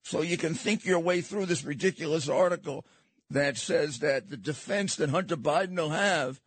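A man's voice: on the high side, normal speed, breathy edge, no room sound. An older man with a New York accent hosting his own radio show, lecturing in a combative way and repeating phrases. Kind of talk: opinionated radio monologue.

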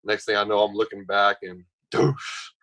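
Young man, low voice, lively storytelling. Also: moderate pace, poor audio. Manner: animated storyteller, acts out others' lines. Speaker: guest. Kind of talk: casual storytelling.

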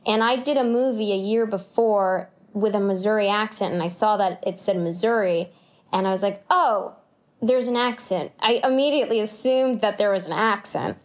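A woman actor telling stories in an interview, animated, laughing often and acting out her own past thoughts. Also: mid-range voice, fairly quick. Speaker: actor guest. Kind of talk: conversational interview storytelling.

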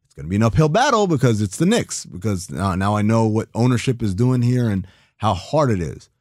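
A man in his thirties telling a long story in a casual, animated way, acting out the people he quotes and swearing now and then. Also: on the low side, fairly quick, no echo, studio quality. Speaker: guest.

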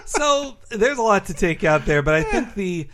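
A man's voice: sits high, very animated, moderate pace, a bit bright, a little hiss or hum. A man co-hosting a podcast, chatting casually and rambling, often acting out quotes. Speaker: podcast co-host. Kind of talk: casual chat.

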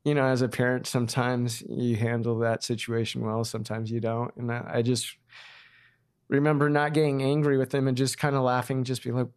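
A man, a father and guest, telling a personal memory in a measured, reflective way with filler words. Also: mid-range voice, flat delivery, clean tone. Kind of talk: personal storytelling.

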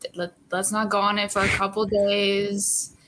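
A young actress as an interview guest, chatting casually with lots of fillers and frequent laughter. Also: female voice, medium pitch, monotone, moderate pace, a bit bright, slight background noise.

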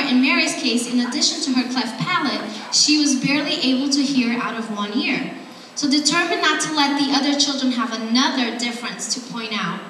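A woman's voice: high voice, bright, forceful tone, a little hiss or hum. A woman preaching a sermon in an earnest, heartfelt, conversational way, recorded live in a church hall. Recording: echoey hall from far off.

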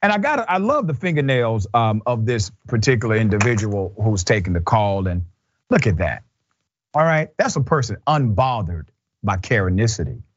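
A man hosting a news commentary show, talking in an animated, emphatic and wry way. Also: on the low side, normal speed, dry recording, dull audio. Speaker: show host. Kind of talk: casual commentary.

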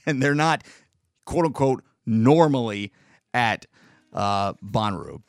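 A man's voice: mid-range voice, moderate pace, clean tone, no room sound, studio quality. A man hosting a radio show, telling a long casual story in a rambling, laid-back way with lots of fillers.

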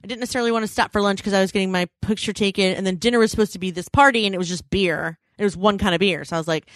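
A thirties-aged woman co-hosting a podcast tells a meandering story in relaxed chat, peppered with "like" and quick self-corrections. Her voice sits mid-range with a fairly bright tone and no echo.

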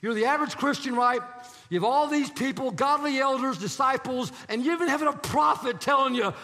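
A man's voice: very high voice, fairly quick, pushed and bright. A male pastor preaching a sermon, telling a story and acting out the quotes. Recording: preached in a reverberant hall.

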